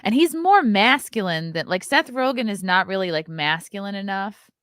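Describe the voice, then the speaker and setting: A woman's voice: mid-range voice, animated, normal speed, a bit bright, no echo. A woman, hosting a casual live stream, chatty and riffing, laughing often. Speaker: host.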